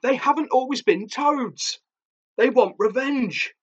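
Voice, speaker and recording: A man's voice: very high voice, slow pace, slightly rough, lo-fi sound, voice pushed up, full character voice. A man voicing a frantic middle-aged woman, an aunt caught mid-ritual, shrieking urgent commands.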